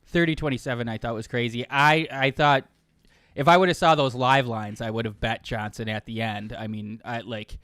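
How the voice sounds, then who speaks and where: A man's voice: medium pitch, steady tone, fairly quick, a bit bright, smooth, dry recording. A man hosting a sports betting podcast in casual chat, laughing often and joking around. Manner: laughs often, jokey impressions. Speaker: podcast host.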